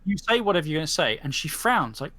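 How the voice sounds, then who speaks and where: A man runs a tabletop role-playing session over an online call, narrating in a slightly higher voice. His delivery is animated and swoops in pitch, with frequent stops and restarts as he describes the scene. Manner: lively, halting narration with many restarts. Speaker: game master.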